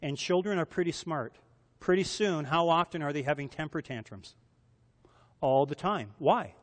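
Male preacher, sermon, slightly high voice, chatty, rhetorical questions, long hall echo. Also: lively intonation, moderate pace. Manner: conversational, asks the audience rhetorical questions. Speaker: pastor.

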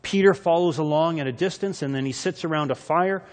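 A male pastor gives a sermon in a slightly high voice, moving from loud, punchy lines to quiet, intense ones as he reads and explains scripture. The sound carries a long echo, as if in a church hall. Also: fairly quick. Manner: dramatic scripture reading with lots of shifts in loudness.

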